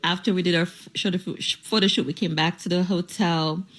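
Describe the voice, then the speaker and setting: A woman casually telling a personal story to camera, playful and animated, acting out what people said. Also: lowish voice, fairly quick. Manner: animated, playful, acts out quoted voices.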